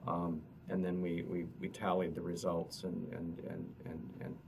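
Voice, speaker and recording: A man, an economist, explaining survey results at a press conference in a halting way, often repeating words. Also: low voice, monotone, gravelly. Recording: distant mic with noticeable noise.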